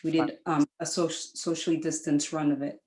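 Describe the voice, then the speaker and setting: Lively, quick-talking woman guest on a video call, slightly low voice. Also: reverberant, poor audio. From Dominica. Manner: lively, quick, laughs easily. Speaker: guest singer and poet. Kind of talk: casual video call chat.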